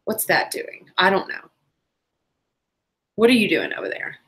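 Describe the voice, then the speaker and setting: A woman's voice: mid-range voice, very animated, unhurried, fairly bright tone. A woman, chatting casually on a crafting livestream, with playful asides.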